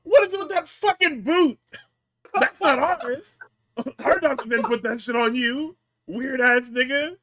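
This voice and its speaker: A man co-hosting a casual wrestling recap podcast, profane and animated, acting out what wrestlers said. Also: very high voice, unhurried, a little hiss or hum. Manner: animated, profane, acts out quotes with big swings. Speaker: podcast co-host.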